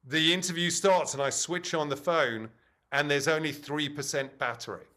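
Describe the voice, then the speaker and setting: A man's voice: a little high, moderate pace. A man from England telling a comic anecdote as an interview guest and acting out the other people's lines. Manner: animated storyteller who acts out other people's lines.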